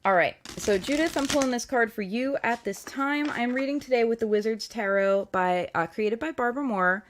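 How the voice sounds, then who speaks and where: A woman's voice: fairly high pitch, normal speed, few pauses, a little hiss or hum. A young woman hosting a casual livestream tarot reading, chatty and playful, rambling with fillers and restarts.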